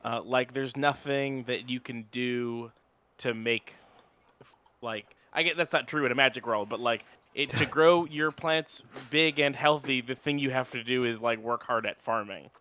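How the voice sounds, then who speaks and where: A man playing a tabletop game in casual chat, musing and thinking out loud. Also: medium pitch, moderate pace.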